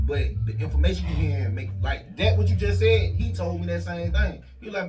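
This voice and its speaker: A man's voice: sits high, lively intonation, normal speed. A young man, a guest musician telling loose, profane stories in a casual podcast chat. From Southwest Georgia, US. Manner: loose, storytelling, profane slang. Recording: roomy distant mic, dull, loud music.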